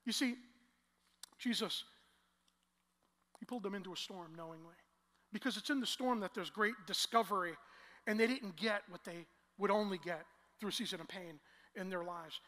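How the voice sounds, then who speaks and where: Male preacher, storytelling sermon, pushes to loud emotional climaxes, bright tone. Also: high-pitched, normal speed, long pauses. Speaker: pastor. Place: large church hall. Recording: long church hall reverb.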